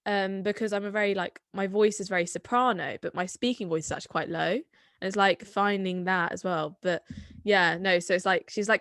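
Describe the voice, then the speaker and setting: A woman's voice: mid-range voice, a little fast, a bit bright, no echo, studio quality. A woman in her twenties with a Somerset accent, chatting in a rambling, filler-heavy way as a guest in conversation. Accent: Somerset English. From Somerset, England. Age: 20s. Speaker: guest, singer-songwriter. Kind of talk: casual conversation.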